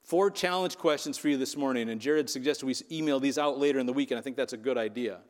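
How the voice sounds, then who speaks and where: A pastor preaches a sermon in a large hall, talking fast in a mid-range voice. He's conversational, constantly checking in with the congregation by asking "right?".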